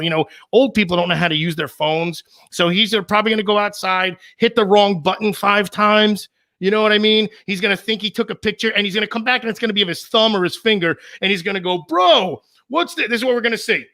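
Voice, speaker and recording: A man co-hosting a live stream in casual chat, rambling and teasing in an animated way. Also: sits high. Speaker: co-host.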